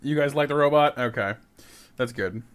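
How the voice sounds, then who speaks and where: A man's voice: mid-range voice, moderate pace, smooth. Rambling male game streamer. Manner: rambling, repeats words, talks to chat. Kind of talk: casual game stream commentary.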